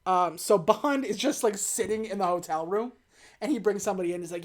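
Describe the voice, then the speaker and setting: A podcast co-host casually recaps a film's plot, retelling scenes by quoting the characters in a loose, offhand way. The voice is medium in pitch and fairly quick.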